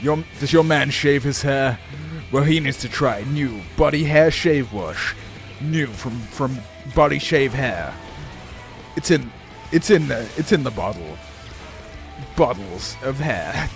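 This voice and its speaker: A man voicing an over-the-top male TV commercial announcer, loud and punchy with stumbles. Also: medium pitch, expressive, slow, faint music behind. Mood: salesy.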